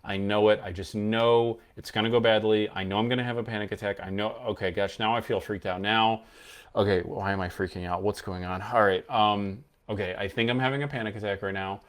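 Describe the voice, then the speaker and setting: A man's voice: fairly low pitch, steady tone, brisk, close to an everyday voice. A man acting out an anxious adult who stammers fretfully while talking himself toward panic. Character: anxious adult spiraling into panic in self-talk.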